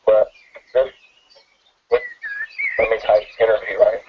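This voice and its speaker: A man calling in to a talk show, speaking casually and haltingly. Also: lowish voice, huge pitch swings, husky, muffled recording. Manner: halting, with fillers and restarts. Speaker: caller. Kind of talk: casual call-in chat.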